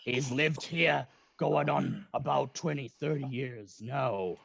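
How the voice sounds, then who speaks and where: A man's voice: medium pitch, takes it slowly, gravelly, fairly bright tone, dry recording, heavily acted. A man voicing a taciturn male innkeeper who speaks curtly and coldly. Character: gruff taciturn male innkeeper, cold plotter.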